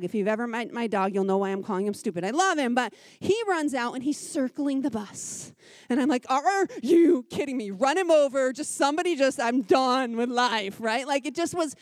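Animated woman telling a personal testimony. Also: on the high side, dry recording, clean studio sound. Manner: animated, conversational storytelling with quick asides; earnest and heartfelt. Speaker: speaker at a church women's gathering.

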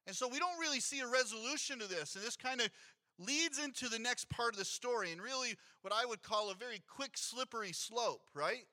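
A pastor in his thirties delivers a sermon in a church with a very bright, ringing voice. He sits high for a man and tells stories with animation, slipping into the voices of the people he quotes. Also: a little fast. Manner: storytelling, animated, acts out quotes. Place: church sanctuary.

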